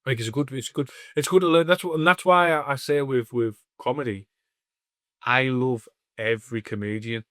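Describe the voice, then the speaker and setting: A man's voice: a little high, fast talker, hardly any pauses, no room sound, studio quality. A man, telling stories as a comedian co-host of a casual podcast, swearing constantly. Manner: swears constantly, animated anecdotes. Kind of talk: casual storytelling chat.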